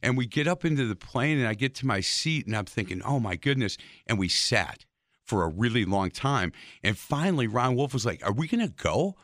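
A man hosting an interview, telling a lively story with stammered restarts. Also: medium pitch, fairly quick, no room sound, studio quality. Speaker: host.

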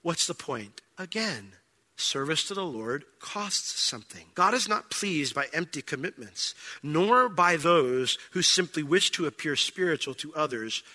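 A man's voice: a little high, animated, measured pace, pushed and bright. A man preaching a verse-by-verse sermon as pastor, talking in a conversational way and acting out little scenes with different voices. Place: church sanctuary. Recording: long hall reverb.

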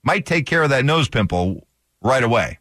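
A man's voice: medium pitch, sing-song, moderate pace, fairly bright tone, no room sound. A man hosting a sports radio show, bantering and teasing his co-host in casual chat on a studio microphone.

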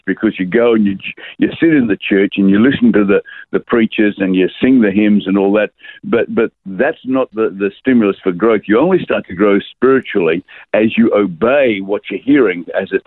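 An older man, an author and pastor, giving measured interview answers with frequent fillers. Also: on the low side, no room sound. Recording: tinny phone-line sound.

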